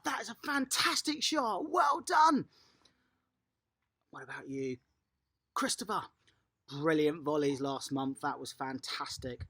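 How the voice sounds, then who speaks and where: A toddler tennis coach leading a lively online lesson for small children, upbeat and encouraging, praising each child by name. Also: medium pitch.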